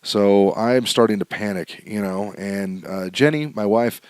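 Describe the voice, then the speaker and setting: An unhurried, lowish, clear and resonant male voice on a dry recording belongs to a home podcast host still adjusting his sound. He rambles through a candid story in a casual monologue, using many fillers and restarting often.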